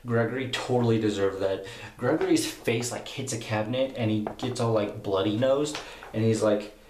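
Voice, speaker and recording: Young guy, eager, rambling comic review, low-ish voice, roomy echo. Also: normal speed, noisy background. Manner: excited, rambling, many fillers.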